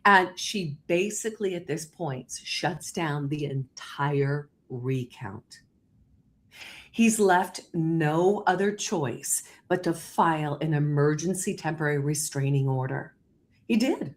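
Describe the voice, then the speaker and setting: A woman hosts a livestream on a video call, telling the story at a quick and lively pace. She acts out what people said in quoted exchanges. Her voice sits a little low for a woman. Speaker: livestream host. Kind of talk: political livestream talk.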